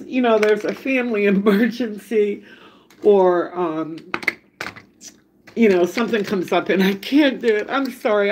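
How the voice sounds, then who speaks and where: A woman's voice: a little high, slight background noise. A woman hosting a casual live cooking stream from her home kitchen, chatty, laughing often and greeting viewers by name. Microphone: phone camera.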